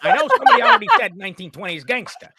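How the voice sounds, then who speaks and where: A tough 1920s gangster fires his words off at speed, as a man puts him on. Clipped and cocky, he keeps tagging his lines with "see?". His pitch jumps about widely. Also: huge pitch swings, vocal fry, very noisy, full character voice. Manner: rapid, clipped, tags "see?". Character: fast-talking tough 1920s male gangster.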